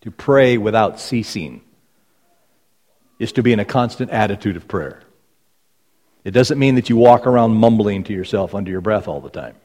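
A man's voice: on the low side, normal speed, long pauses, a little mellow. A man preaching a sermon as pastor, emphatic and repeating phrases for stress. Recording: long reverb of a large hall.

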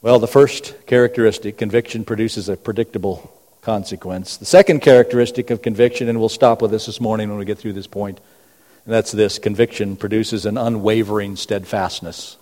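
A man preaches in a church sanctuary, his voice mellow and dark, carried by a long hall reverb. He asks rhetorical questions in a row and swings from booming emphasis to hushed, low lines. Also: fairly even intonation, a little fast. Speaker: pastor. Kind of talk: sermon.

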